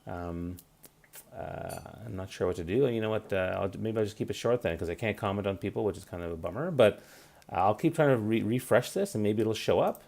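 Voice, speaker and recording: A man's voice: lowish voice, fairly quick, creaky, darkish tone. A man in his forties hosting a live career-advice stream, talking loosely with many fillers and restarts. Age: 40s. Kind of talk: casual live-stream talk.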